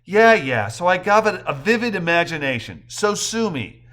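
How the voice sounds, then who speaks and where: A man's voice: sits high, sing-song, moderate pace, a bit bright, voice pushed up. Goofy young husband, read by a man. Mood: joking.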